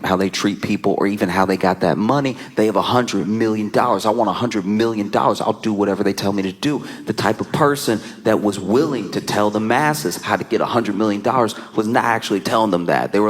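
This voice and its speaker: A male comedian with a fairly low voice performs a stand-up routine, telling a lively story. He laughs through his lines and jumps into quick asides in character voices.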